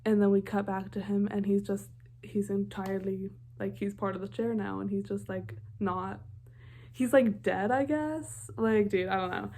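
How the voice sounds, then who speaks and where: A young woman talks through a TV episode in a casual, gushing reaction vlog. Her voice is warm and soft-edged, and her sentences tumble out full of "like" and restarts. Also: medium pitch, steady tone, normal speed. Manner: gushing, heavy on filler "like". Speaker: TV reaction vlogger.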